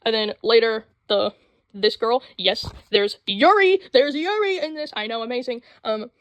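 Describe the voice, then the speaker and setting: A young woman rambling excitedly about anime in a casual vlog, full of fillers and sudden jumps in voice. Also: fairly high pitch, no room sound. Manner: rambling, excitable, with frequent fillers and quick voice switches. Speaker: anime vlogger. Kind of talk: casual chat. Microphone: phone mic.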